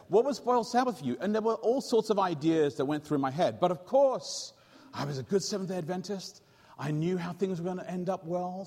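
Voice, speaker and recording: A man preaching a story-driven sermon, quizzing and teasing his congregation. His voice sits a bit high and sounds husky. It carries a long reverb, as in a big church hall. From England. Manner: animated, jokey, quizzes the audience. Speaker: pastor.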